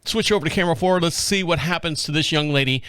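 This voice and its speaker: A man hosting a podcast, commenting on news clips in a joking, animated way. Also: on the high side, fast, clean tone, no echo. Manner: joking, animated, laughs often. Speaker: podcast host.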